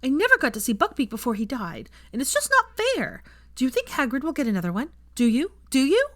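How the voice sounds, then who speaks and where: A woman voicing an eager, chatty six-year-old boy in an audiobook reading, with gushing, rushed questions. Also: high-pitched, wildly swooping pitch, fairly bright tone, no echo, pitched above the performer's own voice, full character voice. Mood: excited. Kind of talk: audiobook character voice.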